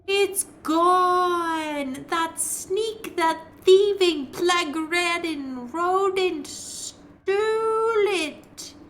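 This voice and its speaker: A woman's voice: very high voice, fairly bright tone, pitched above the performer's own voice, full character voice. A woman voicing a melodramatic, self-pitying female ghost who wails and drags out her words. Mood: anguished. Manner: wailing, melodramatic, drawn-out. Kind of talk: reading game dialogue aloud.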